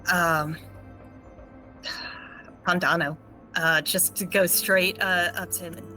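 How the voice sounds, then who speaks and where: A woman's voice: on the low side, fairly even intonation, slow, pushed and bright, faint music behind, rough recording. A woman player describing her character in a tabletop game, hesitant with sighs and fillers.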